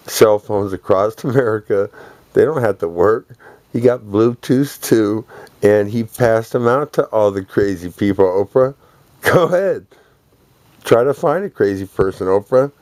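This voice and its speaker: A man's voice: fairly low pitch, a little slow, darkish tone, dry recording. A man delivering a rambling, profane, boastful monologue, laughing between phrases.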